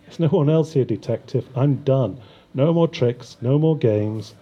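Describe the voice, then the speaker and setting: A man's voice: mid-range voice, measured pace, mellow, slightly rough, muffled recording. A man voicing a wounded male killer who taunts the detectives with wry amusement. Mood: mocking.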